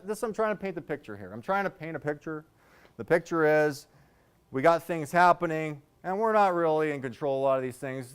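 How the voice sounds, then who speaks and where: A man's voice: sits high, clean tone. A man in his thirties doing a stand-up set, telling loose, rambling stories with self-mocking asides. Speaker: stand-up comedian.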